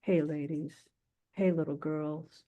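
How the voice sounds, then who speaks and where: A woman poet reading her own poem aloud at a poetry reading, halting in the introduction and lilting in the recitation. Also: sits low, steady tone, phone-quality sound.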